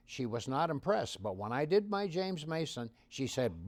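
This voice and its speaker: An older man tells stories in an interview, his voice swinging up and down as he gets loud and then soft. The sound is dry and close, with no room around it. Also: medium pitch, sing-song, normal speed, hardly any pauses, no room sound. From Canada. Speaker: impressionist guest. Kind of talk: anecdotal interview storytelling.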